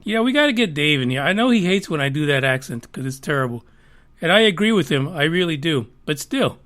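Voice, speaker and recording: Rambling, profane, high-voiced man. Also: fairly bright tone. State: tipsy from drinking. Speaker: podcast host. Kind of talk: casual live-stream chat.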